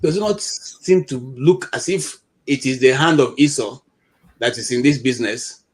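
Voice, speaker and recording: A man's voice: medium pitch, normal speed. A man in a political discussion who argues through rhetorical questions, with frequent hesitant fillers.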